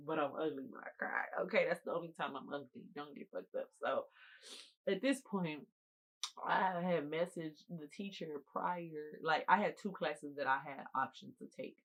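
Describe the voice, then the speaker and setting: A woman in her twenties telling viewers a college story in an animated, emphatic, slangy storytime monologue. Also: deep voice, poor audio.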